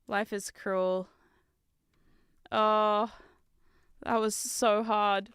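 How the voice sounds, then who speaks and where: A woman streaming from her desk in casual chat, giggly and chatty with loud squealing exclamations, on a close microphone. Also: medium pitch, fairly even intonation, slow pace, long pauses, smooth, dry recording. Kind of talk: casual chat while building.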